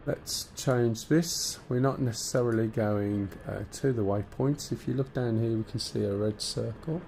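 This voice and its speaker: Gravelly Black Country man streaming. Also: medium pitch, moderate pace, darkish tone, a little hiss or hum. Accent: Black Country English. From English Midlands. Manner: chatty, bantering with chat while explaining cockpit steps. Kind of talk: casual live-stream chat.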